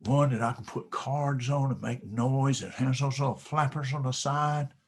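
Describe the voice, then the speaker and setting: A man's voice: mid-range voice, steady tone, normal speed, slight background noise, close to an everyday voice. A man playing a boastful young neighbor boy who brags about the bicycle he wants.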